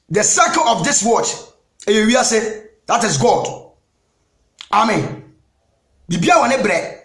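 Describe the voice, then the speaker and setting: A Ghanaian man preaching a sermon as an evangelist, emphatic and repeating "Amen", sometimes shouting. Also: sits high, reverberant. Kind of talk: sermon mixing Twi and English.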